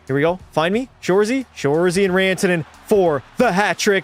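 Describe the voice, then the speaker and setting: His voice sits high and comes quickly, barely pausing, as this young man streams a hockey video game. He plays announcer with excited play-by-play, talks to his chat, and swears freely.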